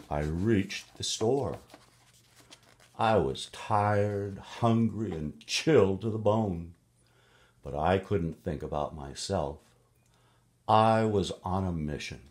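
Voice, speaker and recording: A man with a deep, slightly mellow voice reads a picture book to a child. He takes it slowly and playfully, slipping in gasps and tooting sound effects between pages.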